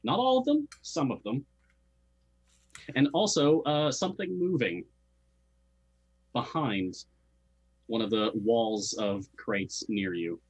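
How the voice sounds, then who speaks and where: A man's voice: mid-range voice, animated, takes it slowly, pauses often, husky, low-quality recording. A man running a tabletop role-playing game as game master, describing the scene to his players.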